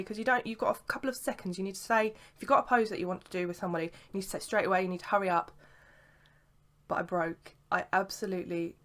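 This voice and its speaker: A woman's voice: medium pitch, steady tone, fast talker, a bit bright. Chatty young woman vlogging. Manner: chatty and rambling, lots of "sort of" and "like". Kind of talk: casual chat.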